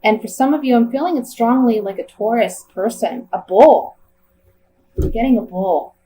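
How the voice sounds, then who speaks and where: A woman's voice: on the high side, brisk, dark tone, a little hiss or hum, poor audio. A woman giving a tarot reading in a casual, chatty way, thinking aloud as she turns the cards. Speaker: tarot reader.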